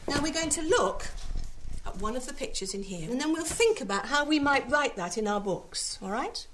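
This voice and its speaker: A woman's voice: sits high, lively intonation, moderate pace, fairly bright tone, slight background noise. A middle-aged woman, a primary school teacher who talks in a patient, encouraging, articulate way as she explains her methods and leads a class.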